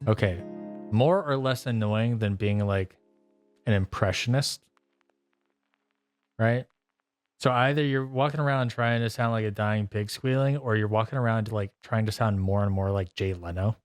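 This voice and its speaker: A man's voice: on the low side, moderate pace, dry recording, clean studio sound. A man streaming a songwriting session, chatting casually in a rambling, self-interrupting way with frequent laughs. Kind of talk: casual chat while playing guitar. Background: guitar playing.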